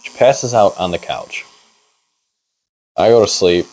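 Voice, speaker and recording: A young man casually tells a long story in a barbershop, rambling and laid-back, saying "like" constantly. His voice is low-pitched and a little mellow, at a measured pace, on a low-quality recording.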